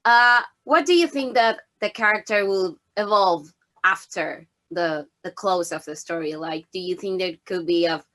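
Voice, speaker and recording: A woman with an Argentine accent, a native Spanish speaker, asking an actress questions in chatty, slightly halting English. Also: fairly low pitch, pushed and bright. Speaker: film interviewer. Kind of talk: interview questions.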